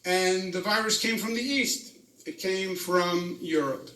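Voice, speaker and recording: High, bright-voiced man in echoey room. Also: a little slow. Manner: explanatory, defensive. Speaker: politician at a briefing. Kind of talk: press briefing statement.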